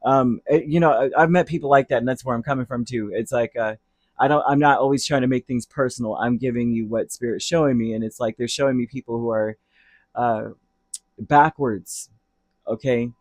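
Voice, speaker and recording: A man's voice: medium pitch, brisk, no echo. A man giving a casual tarot reading, talking in a rambling, chatty way that drifts into heated asides. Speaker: tarot reader.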